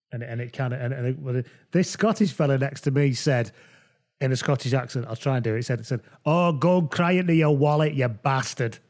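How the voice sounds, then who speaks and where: A man hosting a podcast, chatting about football in a relaxed, rambling way and often correcting himself mid-sentence. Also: medium pitch. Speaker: podcast host. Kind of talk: casual football chat.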